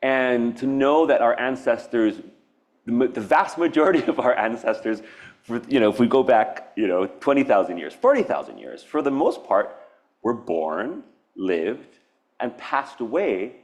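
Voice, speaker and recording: At normal speed and in a mid-range voice with lively intonation, a Hawaiian man presents a public artist talk at a university event space. He comes across as earnest and reflective, roaming nonlinearly between thoughts, often restarting and laughing.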